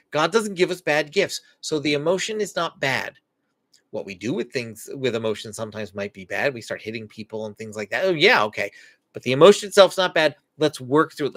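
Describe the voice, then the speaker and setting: A man hosting a live stream as a Christian parenting coach, teaching earnestly and acting out what parents and children say. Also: fairly high pitch. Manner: animated, acts out quoted parent and child lines; earnest, instructive.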